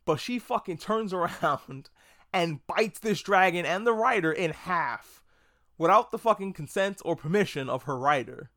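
A man hosting a casual video review of a TV episode, talking excitably, rambling and swearing a lot. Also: high voice, moderate pace, dry recording, studio quality. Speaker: TV show reviewer.

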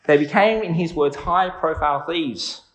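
Earnest preacher, echoey room. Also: male voice, fairly high pitch, normal speed, a bit bright. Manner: conversational, earnest, asks the congregation questions. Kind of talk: sermon.

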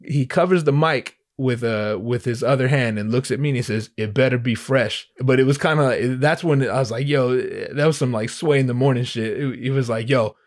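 A man hosting a podcast, telling a story in a casual, animated way, with lots of stammering restarts and profane slang. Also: mid-range voice, fairly quick, few pauses. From Southern California. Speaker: podcast host.

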